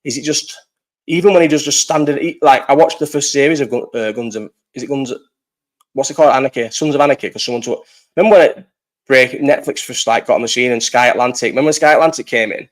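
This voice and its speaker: A man's voice: medium pitch, fast. A young man, hosting a casual live-stream chat, swearing freely and often trailing off mid-sentence. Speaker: host.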